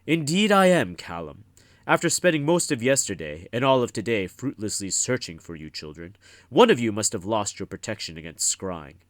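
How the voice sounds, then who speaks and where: A stern older wizard master scolding his pupils, as an audiobook reader puts him on. His lively, commanding delivery rises and falls with reproach. The dry, close recording has no room sound. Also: lowish voice, normal speed, no room sound, voice pushed up. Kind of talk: audiobook reading.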